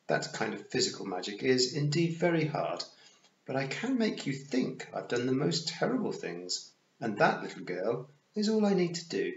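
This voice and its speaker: A man's voice: medium pitch, wildly swooping pitch, normal speed, vocal fry, roomy sound, dull audio, voice pushed up. A man voicing a cold, petulant fairy queen who speaks in an imperious, demanding way. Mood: menacing.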